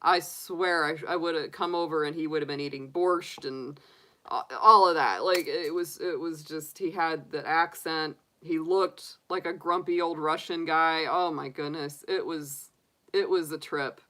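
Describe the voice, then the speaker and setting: A chatty woman tells casual stories to her live viewers, laughing easily and restarting her sentences. Her voice sits a little low but has a bright, forward edge. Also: steady tone, measured pace. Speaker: tarot reader and astrologer. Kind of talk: casual storytelling to a live chat.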